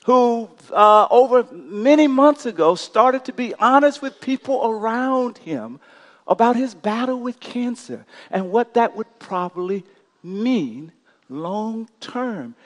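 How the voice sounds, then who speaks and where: Man preaching a sermon, high voice, gets the crowd to repeat lines, big church echo. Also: lively intonation, unhurried. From Texas. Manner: preaching with call-and-response to the congregation, rising and falling in volume. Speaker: pastor. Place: large church sanctuary. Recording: long hall reverb.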